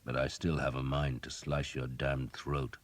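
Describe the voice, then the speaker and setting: A man voicing a scarred knight in his thirties with a deep, harsh voice, growling and sour. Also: little pitch movement, a little slow. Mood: gruff.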